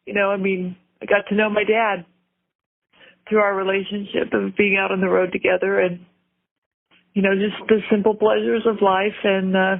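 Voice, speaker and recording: A woman talks softly and haltingly as a guest in a heartfelt radio conversation. Her voice is thin and narrow, as if it were heard over a phone. She takes her time and weighs each word. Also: mid-range voice, vocal fry. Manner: soft, halting, reflective. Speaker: interview guest. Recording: tinny phone-line radio.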